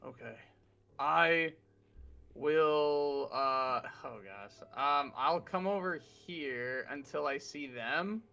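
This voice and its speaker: Man, tabletop player, hesitant, slow talker, bright tone. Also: fairly high pitch, gravelly, clean tone, dull audio. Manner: hesitant, thinking aloud. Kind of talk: casual play at a tabletop game.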